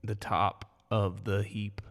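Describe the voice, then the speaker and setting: A man co-hosting a casual podcast chat, talking in a rambling, animated way with lots of fillers. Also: fairly low pitch, slow pace, soft background music. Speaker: podcast co-host. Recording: echoey room with long reverb.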